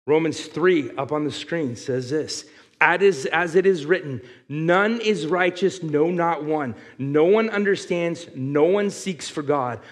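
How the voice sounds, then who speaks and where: A man preaching a sermon, reading scripture aloud and building to loud, emphatic passages. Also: fairly high pitch, takes it slowly, big-room sound. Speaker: pastor.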